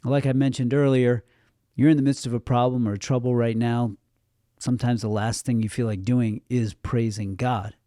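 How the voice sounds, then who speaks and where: A male pastor delivering a sermon in an earnest, conversational way, with light touches of humor. His voice is mellow and warm rather than bright. The sound is close and dry, with little room echo. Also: mid-range voice, level tone, moderate pace.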